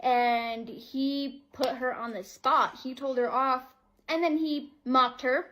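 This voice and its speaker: High-voiced, defensive woman in a video clip. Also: fairly bright tone. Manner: defensive, aggrieved storytelling. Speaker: social media poster. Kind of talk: clip from a social media video.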